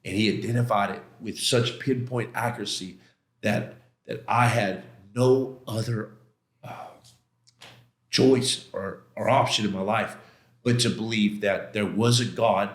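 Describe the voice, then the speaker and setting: A man's voice: on the low side, fairly even intonation, unhurried. Intense middle-aged man, roomy echo. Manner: intense, emotional retelling with many quoted exchanges and restarts; casual slangy phrasing. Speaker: podcast guest. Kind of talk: personal storytelling in a podcast interview.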